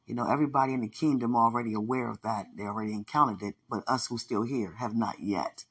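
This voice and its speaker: Husky-voiced man preaching prophetically. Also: medium pitch, steady tone, fast talker, hardly any pauses, fairly bright tone. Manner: repetitive, rhythmic declarations; drops to a whisper at times. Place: bedroom corner.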